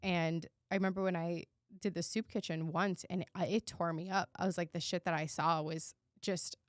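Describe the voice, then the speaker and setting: A woman co-hosts a casual podcast and tells a personal story in an animated, candid way, swearing freely. Her voice sits on the lower side and sounds smooth. The sound is close and dry, with no room echo. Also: normal speed. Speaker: podcast co-host.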